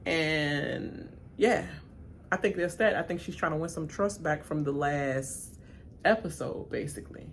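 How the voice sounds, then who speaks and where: A woman giving live reaction commentary to a reality show, slangy and animated, talking straight back at the people on screen. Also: measured pace, gravelly, slight background noise. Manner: animated, pitch jumps high when emphatic. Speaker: reaction channel host.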